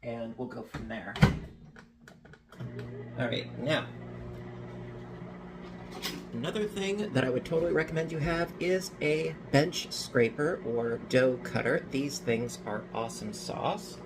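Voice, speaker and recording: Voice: medium pitch, lively intonation, slow, pauses often, noisy background. A home baker chatting casually in a kitchen while demonstrating a recipe, playful and full of jokey asides. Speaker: home baking vlogger.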